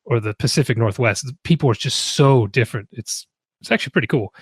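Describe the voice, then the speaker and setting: A man's voice: mid-range voice, fast, husky, no echo, studio quality. A man hosting a casual podcast chat, talking bluntly and informally with casual swearing. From American South. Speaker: podcast host.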